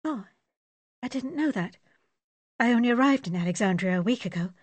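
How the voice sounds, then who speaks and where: A woman voicing a young, reserved English army nurse with a polite, crisp manner. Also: on the high side, animated, a little fast, dry recording, pitched above the performer's own voice.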